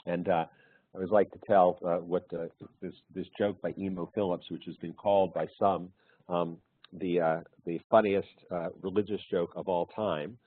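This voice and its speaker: Low husky man on a tinny line. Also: steady tone, normal speed, no echo. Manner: anecdotal, storytelling. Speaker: author and webinar presenter. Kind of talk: conversational webinar talk. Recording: narrow phone-like webinar audio.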